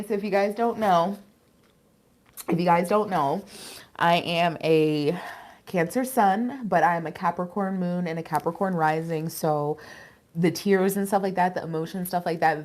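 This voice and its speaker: A woman doing a casual live tarot reading, chatty and candid, with casual swearing and quick giggles. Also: fairly low pitch, a little mellow. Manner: emotional and giggly. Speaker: tarot reader.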